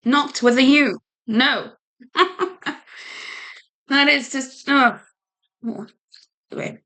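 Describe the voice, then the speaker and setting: A high, bright, forceful voice with fairly even intonation belongs to this British livestream host from the UK, who speaks very slowly. She's chatty and rambling in British English, with a giggle and lots of fillers.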